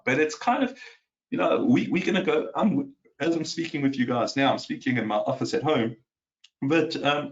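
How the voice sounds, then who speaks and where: A man's voice: mid-range voice, dull audio. A man hosting live market commentary from his home office, talking casually with many fillers and restarts and putting questions to his viewers. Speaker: market analyst host.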